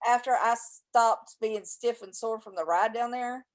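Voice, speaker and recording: A woman chatting casually, telling stories with lively exclamations. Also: on the high side, measured pace. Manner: animated, exclaiming storyteller. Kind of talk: casual chat.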